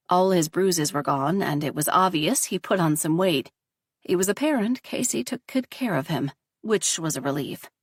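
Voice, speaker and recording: Husky woman reading a story. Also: fairly low pitch, dry recording, studio quality. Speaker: narrator. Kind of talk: scripted audiobook narration.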